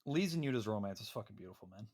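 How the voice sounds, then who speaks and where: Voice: medium pitch, expressive, rapid-fire, a little mellow. A laid-back guest joking around in a casual livestream chat. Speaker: guest co-host.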